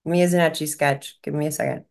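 A woman's voice: low voice, steady tone, quick pace, vocal fry, darkish tone. A woman talking as a psychic medium in casual chat, rambling and restarting as she relays what she is shown.

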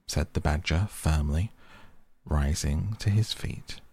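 A man reading a storybook aloud as narrator, slow and deliberate. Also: a bass voice, darkish tone, slightly rough, no echo.

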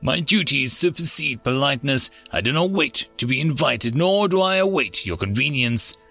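A man voicing an ancient hooded male Death figure, speaking in a formal, clipped, unhurried way. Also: medium pitch, lively intonation, a bit bright, soft background music. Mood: stern.

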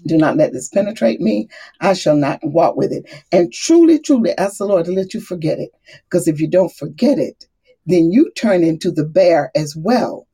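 A woman's voice: fairly low pitch, sing-song, normal speed, warm tone, husky. A middle-aged woman giving a casual faith talk, laughing often and acting out the voices she quotes. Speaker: Bible study speaker.

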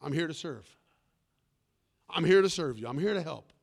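A man voicing a calm older man who quietly offers to help. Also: on the high side, moderate pace, gravelly, voice pushed down. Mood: calm, humble.

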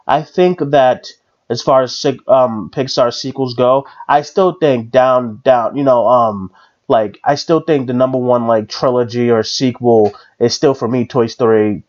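A man's voice: medium pitch, fairly even intonation, measured pace, a little mellow, lo-fi sound. A man hosting a podcast in casual chat, rambling with many fillers and restarts. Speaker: podcast host.

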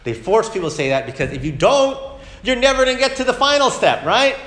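A man's voice: high voice, fast, roomy sound. A man who is a parent of young children, teaching a conversational Sunday school Bible lesson, often asking "right?" and acting out quotes. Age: adult, parent of young kids. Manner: animated, keeps asking "right?", acts out quotes. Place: church classroom.

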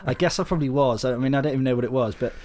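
A man's voice: mid-range voice, racing, a little mellow, a little hiss or hum. A man in his thirties, a comedian co-hosting a podcast, sounding tired and trading wry, easygoing banter. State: tired from little sleep. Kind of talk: casual chat.

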